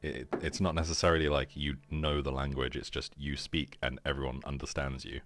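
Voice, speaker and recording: A man's voice: very deep voice, level tone, fairly quick, fairly bright tone, no echo. A man playing a tabletop game, chatty and jokey, asking the game master questions. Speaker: player. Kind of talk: casual chat at a tabletop game.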